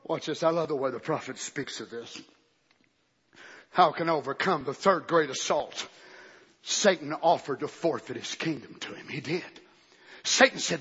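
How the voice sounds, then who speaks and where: A man preaching a fiery sermon, dropping to low murmurs and rising to shouted climaxes with calls of amen, recorded in an echoey church hall on dull lo-fi audio. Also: normal speed, long pauses, husky.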